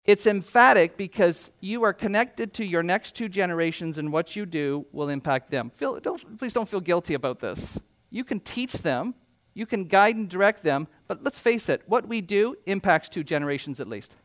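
A middle-aged pastor with a notably high-pitched voice delivers a sermon in a church. He speaks conversationally but leans hard on his points, often asking the congregation rhetorical questions. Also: lively intonation, moderate pace, a bit bright.

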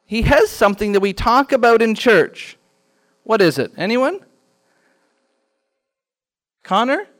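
A man teaching a children's Bible lesson in a church classroom, animated and quizzing the class with questions. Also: very high-pitched, slow, pauses often.

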